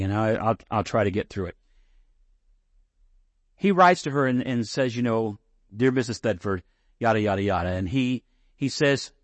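A man preaching a sermon, earnest and close to tears, slowing down to stress his points. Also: fairly low pitch, no echo. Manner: earnest, emotional, slows down for emphasis. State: near tears. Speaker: pastor.

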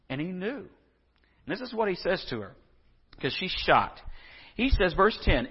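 A man's voice: sits high, sing-song, measured pace, long pauses, breathy edge, long reverb tail, lo-fi sound. A male pastor from Texas preaching a sermon in a folksy way, with joking asides and acted-out scripture dialogue.

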